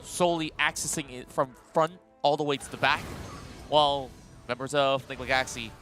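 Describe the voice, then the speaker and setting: A man casting a mobile esports match live, talking in an animated, chatty play-by-play style with frequent fillers. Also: medium pitch, a little fast, soft background music. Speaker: esports caster.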